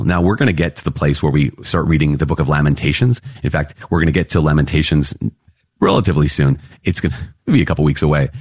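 A priest opening with prayer, then teaching Bible passages in an earnest, excitable way. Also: male voice, extremely low pitch, slightly rough, no room sound. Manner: earnest, excitable, quick asides with laughs.

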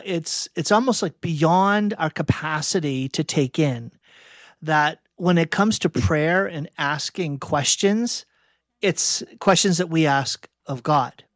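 A man's voice: a little high, no room sound. Reflective man preaching, dry close sound. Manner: reflective, searching, with restarts and self-corrections. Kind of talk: sermon.

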